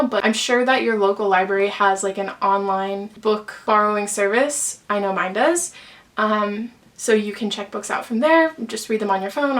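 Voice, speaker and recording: A young woman, chatting casually and gushing about books she loves, full of "like" fillers. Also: medium pitch. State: out of breath. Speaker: book vlogger. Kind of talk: casual book recommendations.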